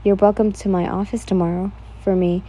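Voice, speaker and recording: A woman's voice: mid-range voice, flat delivery, fairly quick, dark tone, close to an everyday voice. A woman voicing a smug, teasing male student council president in a read-aloud fan fiction story.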